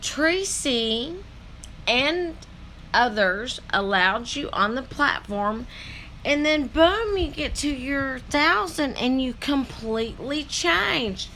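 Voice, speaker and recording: Slow, lively-voiced woman rambling. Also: high voice, slight background noise. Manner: rambling, with many fillers. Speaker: reaction video host. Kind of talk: casual reaction commentary.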